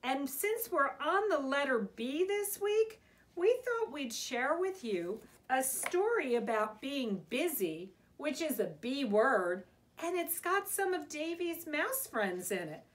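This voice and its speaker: Animated preschool teacher reading aloud. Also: female voice, high voice, slow pace. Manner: animated, sing-song storytime reading. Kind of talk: reading a picture book aloud to children.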